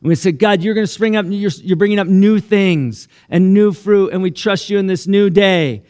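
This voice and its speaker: Pastor, man, slightly raised pitch; chatty, heartfelt sermon delivery full of restarts. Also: moderate pace, darkish tone, smooth. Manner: conversational, restarts often, gets emotional and laughs. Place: church sanctuary.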